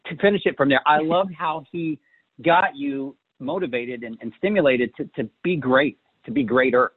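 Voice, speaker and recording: A man's voice: on the high side, normal speed, husky, dry recording. A man hosting an interview, who enthusiastically retells his guest's stories in his own words. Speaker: host. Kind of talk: podcast interview. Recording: tinny phone-like call line.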